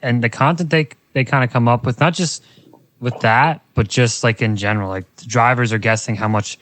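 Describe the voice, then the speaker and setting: A man's voice: mid-range voice, fairly even intonation, a little fast, fairly bright tone. A man co-hosting a casual podcast on a video call in an easygoing way, with lots of likes. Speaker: podcast co-host. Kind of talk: casual chat.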